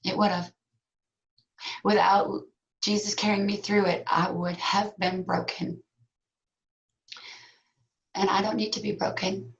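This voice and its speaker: A woman guest in an interview, speaking heartfelt and reflective, with pauses and fillers. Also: mid-range voice, flat delivery, vocal fry, lo-fi sound. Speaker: actress guest. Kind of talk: interview conversation.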